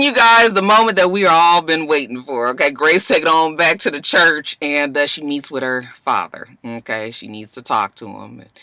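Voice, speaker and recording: A woman vlogger casually recapping a TV episode, animated and sassy, acting out the characters in different voices. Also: very deep voice, no room sound.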